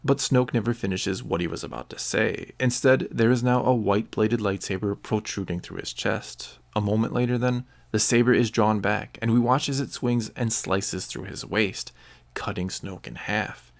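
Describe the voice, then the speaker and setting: A man narrating a story aloud in a steady, descriptive way. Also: fairly low pitch, moderate pace, creaky.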